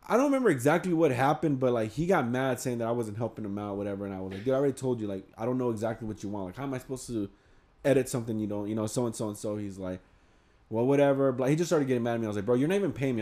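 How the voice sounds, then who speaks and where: A man's voice: mid-range voice, expressive, rapid-fire, dark tone. Man, casual storyteller, profane, rambling. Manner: rambling, swears freely, acts out quotes. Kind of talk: casual storytelling among friends.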